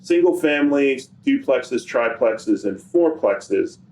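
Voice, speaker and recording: A man appearing as a podcast guest, talking about his work in a relaxed, rambling way full of fillers. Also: medium pitch, takes it slowly. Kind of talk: casual chat.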